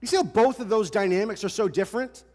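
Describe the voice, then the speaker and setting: A young male pastor preaching in a casual, animated way, throwing out rhetorical questions. His voice sits a bit high for a man. It carries the long reverb of a large church hall. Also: fast. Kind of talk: sermon.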